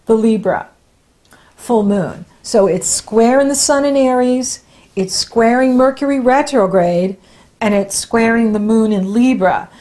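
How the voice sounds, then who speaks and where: A woman astrologer talks through a horoscope reading in a relaxed, chatty way. Her voice sits a little high, and she often laughs between points as she offers encouraging advice. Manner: warm, encouraging advice-giving. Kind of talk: casual spoken horoscope reading.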